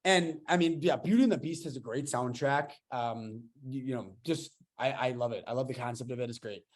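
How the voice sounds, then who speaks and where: A podcast host in his twenties chats casually and enthusiastically in an ordinary mid-pitched voice. He talks a little fast, rambling and stumbling over restarts as his excitement builds.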